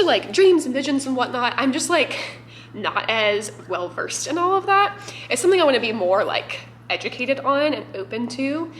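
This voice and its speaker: A young woman telling a personal story to camera in an excitable, chatty vlog style, with lots of "like". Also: fairly high pitch, a little hiss or hum. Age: young adult. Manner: chatty, excitable, heavy use of "like". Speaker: vlogger.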